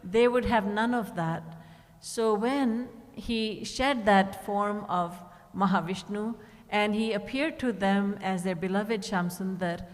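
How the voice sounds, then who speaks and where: A woman's voice: medium pitch, slow pace, long reverb tail. A woman spiritual teacher giving a devotional discourse, telling stories and acting out the characters' words. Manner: storytelling, quoting characters with shifts in tone. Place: retreat hall.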